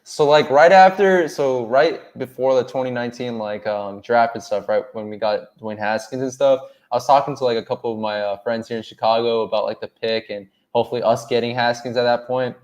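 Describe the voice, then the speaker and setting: Casual male YouTuber co-host, mid pitch, easygoing filler-heavy talk. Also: fairly quick, hardly any pauses. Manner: relaxed, chatty, heavy on fillers like "like" and "and stuff".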